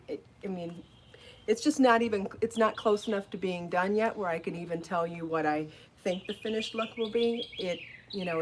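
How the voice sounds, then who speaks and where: Woman host, home live stream: chatty, upbeat, encouraging, laughs easily, faint hiss behind her. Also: fairly low pitch. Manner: chatty, encouraging, laughs often, answers viewer comments. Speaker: podcast host and crochet designer. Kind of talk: casual live-stream chat.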